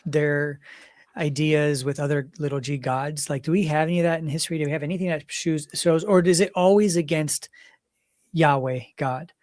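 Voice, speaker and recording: A young man with a somewhat high voice, recorded dry and close. He asks rambling questions in casual podcast chat, filling them with likes and ums. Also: fairly even intonation, moderate pace, darkish tone, no room sound. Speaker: podcast co-host.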